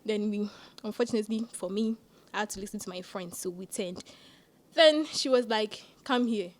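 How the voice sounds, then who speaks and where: A young woman co-hosting a podcast, telling a school story in a casual, animated way and laughing often. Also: mid-range voice, moderate pace. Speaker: podcast co-host. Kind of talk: casual chat.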